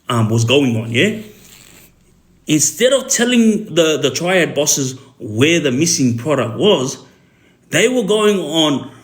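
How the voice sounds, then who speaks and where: A middle-aged man with an Australian accent tells a story in a casual, rambling way, with many fillers and asides. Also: on the high side.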